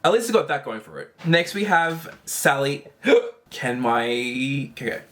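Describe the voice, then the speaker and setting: A man giving casual commentary while ranking animated shorts, rambling with lots of fillers and casual swearing. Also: a little high, moderate pace. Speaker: video creator ranking animations.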